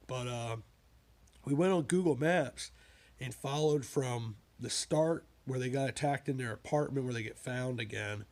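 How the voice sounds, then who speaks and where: Man, writer, casual monologue, rambling, digressive, mid pitch. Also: a bit bright. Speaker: writer talking about his books.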